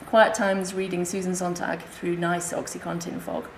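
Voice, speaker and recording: A woman speaking at a conference, reading her comic memoir aloud in a wry, deadpan way. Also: fairly low pitch, moderate pace. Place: hospital conference room. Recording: echoey lecture room, faint hiss.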